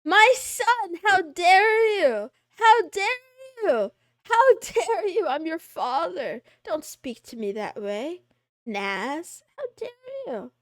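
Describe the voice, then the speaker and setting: A woman's voice: very high voice, sing-song, slow pace, a bit bright, no echo, clean studio sound, exaggerated voice. A woman playing a mock-indignant scolding father. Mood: mock outrage. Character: scolding father of a cheeky son.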